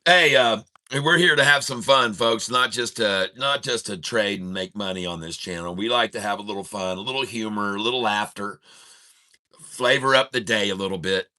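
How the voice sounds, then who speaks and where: A man's voice: fairly low pitch, moderate pace, pushed and bright. A man hosting a trading channel, telling a long joke in a rambling, casual way with many restarts before turning to market talk. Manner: rambling storyteller, laughs at own jokes. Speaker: day-trading channel host.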